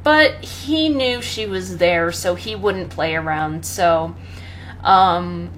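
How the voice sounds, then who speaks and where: A young woman chatting casually about her pets, rambling with many pauses and fillers and often breaking into laughter. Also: fairly low pitch, a little hiss or hum. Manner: rambling, full of ums and laughs, talks to her cat. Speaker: pet owner vlogger. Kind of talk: casual chat.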